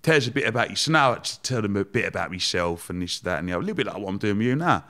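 A man's voice: low voice, lively intonation, rapid-fire, pushed and bright. A man, a podcast guest telling rambling, laughing anecdotes with casual swearing. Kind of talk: casual storytelling interview.

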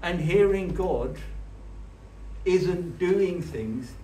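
A man giving a conversational church talk, telling personal stories in an earnest, halting way with frequent restarts. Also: high-pitched, expressive, dark tone. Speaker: church speaker. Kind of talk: conversational sermon with personal storytelling. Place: church hall. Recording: echoey hall, distant mic, faint hiss.

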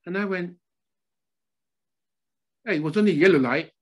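An older man from Nigeria, a former footballer, telling stories as a podcast guest in a relaxed chat, often repeating his phrases. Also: high voice, normal speed. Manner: repeats phrases, animated storytelling. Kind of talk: casual storytelling interview.

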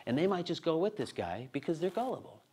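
A man in his thirties gives a teaching talk built on lively stories about fatherhood. His voice sits a little high for a man, and he pokes fun at himself as he goes. The delivery is animated and playful. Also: fast talker, slightly rough. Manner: animated storyteller, self-mocking jokes. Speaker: speaker.

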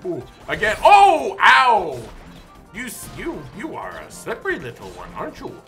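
A young man giving excitable gameplay commentary, yelping and shouting at the game. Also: high-pitched, measured pace, soft background music. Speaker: gaming video host.

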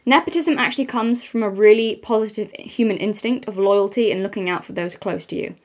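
A woman's voice: medium pitch, fairly quick, a little mellow. A woman giving chatty, opinionated commentary on her channel, with frequent ums. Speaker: commentary vlogger. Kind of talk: casual commentary.

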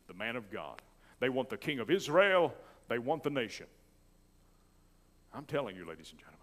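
A man's voice: medium pitch, a bit bright. Preaching man in a reverberant church. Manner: preaching with rising intensity, calls to the congregation. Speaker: pastor. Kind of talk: sermon. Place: church sanctuary.

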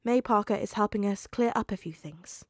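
Woman voicing a calm male FBI agent. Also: mid-range voice, no echo, studio quality, close to an everyday voice. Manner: gentle and measured.

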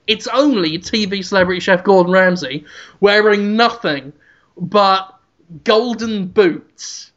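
High-voiced man spinning a comic tale. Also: muffled recording. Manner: animated, rambling storyteller. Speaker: podcast co-host. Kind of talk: comedic storytelling on a podcast.

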